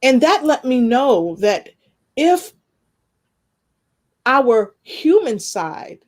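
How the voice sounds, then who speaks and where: A woman guest sharing a personal testimony in conversation, earnest and expressive, with faith woven through her talk. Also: medium pitch. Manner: earnest, expressive storytelling with spiritual references.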